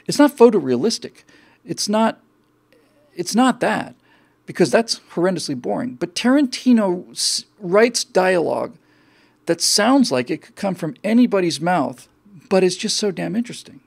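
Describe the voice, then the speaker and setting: A man's voice: high voice, sing-song, moderate pace, creaky, breathy edge. A man from the United States hosting a show, giving a rambling, sardonic political commentary monologue. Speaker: show host.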